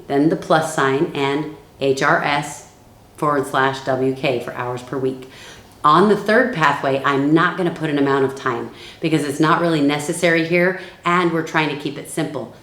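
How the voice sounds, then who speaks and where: A woman giving a calm training lesson for network marketing builders. She acts out the sales lines she uses. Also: low-pitched, moderate pace, roomy sound.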